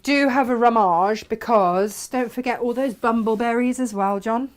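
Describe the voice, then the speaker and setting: A woman's voice: a little high, normal speed. Chatty woman hosting a craft show. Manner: chatty, laughing, trails off into asides. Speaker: host of a craft live show. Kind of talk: casual live chat selling fabrics.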